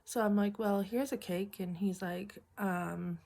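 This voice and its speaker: A middle-aged woman casually telling a funny story from her job, chatty and animated, acting out what people said and often clearing her throat. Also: medium pitch, unhurried. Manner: chatty, animated retelling with acted quotes. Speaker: vlogger.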